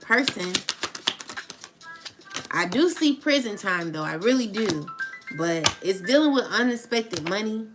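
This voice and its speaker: A woman's voice: medium pitch, expressive, unhurried, pauses often. A woman doing a casual tarot reading, taunting and laughing as she talks to her viewers. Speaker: tarot reader. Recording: music playing underneath. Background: music.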